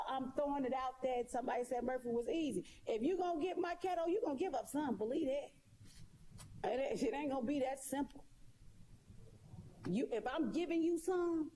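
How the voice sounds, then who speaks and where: Sassy high-voiced woman. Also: expressive, brisk, dark tone, slight background noise. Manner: sassy, emphatic, repeats herself. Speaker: live streamer. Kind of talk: casual monologue to viewers.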